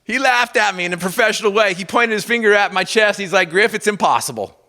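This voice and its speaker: Bright-voiced man giving a motivational talk. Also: high voice, fast. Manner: swings between loud emphatic bursts and hushed intimate lines; storytelling with repeated refrains. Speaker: motivational speaker. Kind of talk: motivational speech to an audience.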